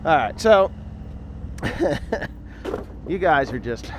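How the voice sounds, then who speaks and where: A man's voice: a little high, wildly swooping pitch, drawn-out words, a little hiss or hum. A man in his fifties, a farmer, chatting to the camera outdoors among his equipment in a rambling, offhand way with a dry sarcastic streak. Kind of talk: casual farm vlog talking to camera.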